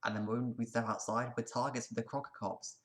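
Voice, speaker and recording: A man's voice: mid-range voice, little pitch movement, quick pace, a bit bright, lightly acted. A man voicing a timid, polite teenage troll boy who stammers as he talks in an amateur audio drama. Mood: nervous.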